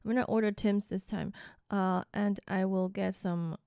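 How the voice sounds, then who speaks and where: A woman's voice: mid-range voice, fairly even intonation, normal speed, gravelly, warm tone, clear, resonant tone, dry recording, studio quality. A young woman streaming live, chatting casually and greeting viewers one by one by name.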